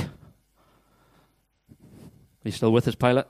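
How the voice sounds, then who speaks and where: In a church hall, a man preaches as a pastor, playfully coaxing the congregation into acting out a Bible story as part of an interactive sermon. His voice is medium-pitched and somewhat dark, with lively intonation and a normal pace. The recording is studio quality with no room sound.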